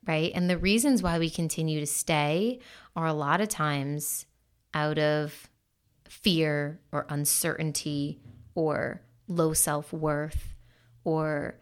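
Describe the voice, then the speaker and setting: A woman's voice: low voice, steady tone, slow pace, clean tone. A woman commenting casually on relationships, chatty, with lots of "like" and "you know".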